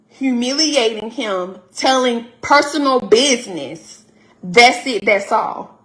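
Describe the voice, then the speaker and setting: A woman's voice: a little high, lively intonation, takes it slowly, fairly bright tone, echoey room. A woman speaking in an emotional, preachy way, repeating herself for emphasis. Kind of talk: emotional testimony.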